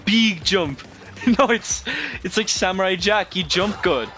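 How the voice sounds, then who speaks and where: A man's voice: high-pitched, measured pace, bright, forceful tone, faint music behind. A man streaming a game, rambling through casual commentary with frequent swearing and self-corrections.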